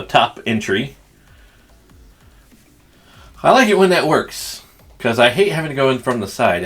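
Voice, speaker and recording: A man's voice: lowish voice, fairly bright tone. A man with a Southern country accent giving casual, crude, joking commentary as he unboxes a video game collection. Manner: crude joking, rambling and chatty. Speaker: gaming channel host.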